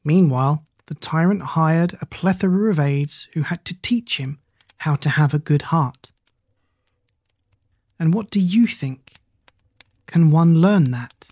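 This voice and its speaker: A storyteller reading a folk tale in an even, measured way, now and then asking the listener questions, in a dry, close recording. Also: mid-range voice, dry recording. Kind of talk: scripted story narration.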